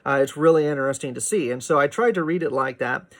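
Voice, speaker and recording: A man teaching a poetry lesson, explaining meter in a relaxed way, often checking in with "right?" and filling pauses with "uh" and "um.". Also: medium pitch. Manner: explanatory, frequent "right?" and "uh" fillers. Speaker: literature teacher. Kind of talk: recorded poetry lecture.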